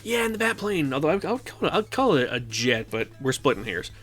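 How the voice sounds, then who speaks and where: A man talks on his stream, working through a film recap with plenty of ums, restarts and casual swearing. His voice sits at a middling pitch. Faint music plays quietly behind him. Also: big pitch swings, quick pace. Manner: rambling, filler-heavy, swearing, acts out quotes. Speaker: streamer host.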